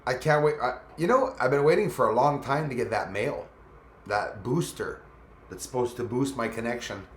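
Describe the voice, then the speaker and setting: A man's voice: mid-range voice, animated, normal speed. Chatty man streaming live in an echoey room. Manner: chatty, rambling, greets viewers by name. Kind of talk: casual live-stream chat reading comments.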